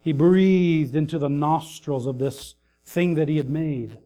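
A man preaching a sermon, earnest and grieving his mother, pausing with fillers and rising to emphatic calls. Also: fairly high pitch, mellow. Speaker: pastor.

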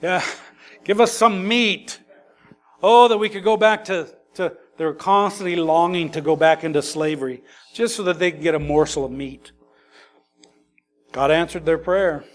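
A man preaching an expository sermon in a conversational, animated way, acting out quotes and adding quick asides. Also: fairly high pitch. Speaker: pastor.

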